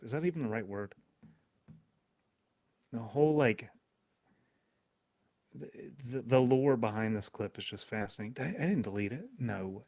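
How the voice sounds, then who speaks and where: A man's voice: medium pitch, dry recording. A man hosting a live stream, rambling in profane, casual commentary and talking to his chat. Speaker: streamer host.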